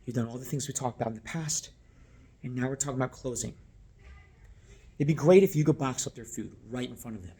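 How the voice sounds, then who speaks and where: A man training restaurant servers, talking straight to the viewer in an animated, coaching way and checking that they follow along. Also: mid-range voice, fast talker, long pauses, husky. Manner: acts out guest and server lines. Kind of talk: instructional talk to camera.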